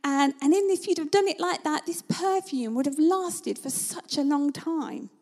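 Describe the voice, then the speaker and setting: Woman preacher, high and mellow, vivid storyteller. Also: normal speed. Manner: conversational, vivid storytelling, sometimes drops to a hush. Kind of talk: sermon.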